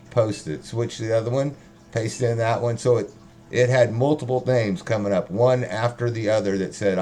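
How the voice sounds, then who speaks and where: A man's voice: fairly low pitch, a little mellow. A man rambling casually and profanely on a livestream, joking as he talks. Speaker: livestream host.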